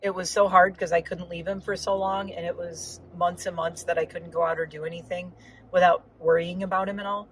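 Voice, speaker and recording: A woman's voice: lowish voice, flat delivery, fairly quick, slight background noise, rough recording. A woman chatting casually while driving, rambling with lots of asides and a slightly sore throat. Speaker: vlogger. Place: inside a car on the road.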